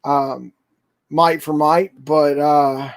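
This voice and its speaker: A man hosts a casual livestream and rambles excitedly, with many ums and restarts. His voice sits a little high for a man. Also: extremely slow. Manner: rambling, excitable fan talk with fillers. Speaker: toy channel livestream host.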